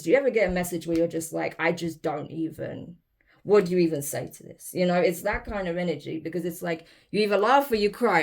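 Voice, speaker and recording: A woman giving a casual tarot reading to camera, emphatic, blunt and profane, often exasperated and incredulous. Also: lowish voice. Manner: emphatic, blunt and profane, with repeated "I'm telling you". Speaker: tarot reader.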